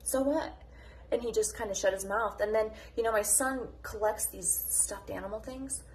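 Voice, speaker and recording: A woman's voice: on the high side, normal speed, a little hiss or hum. A woman delivering a passionate, unscripted morning rant as a mom vlogger. She is blunt, combative and full of swearing, and she jumps from topic to topic.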